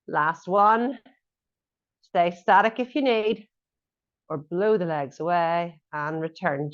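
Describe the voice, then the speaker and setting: A woman fitness instructor coaching a workout class, giving encouraging cues and joking asides. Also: mid-range voice. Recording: dull lo-fi audio.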